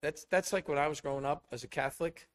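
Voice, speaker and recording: A man preaching a sermon, telling rambling personal stories full of quoted dialogue in an animated way. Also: fairly high pitch, fast talker, poor audio. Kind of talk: sermon storytelling.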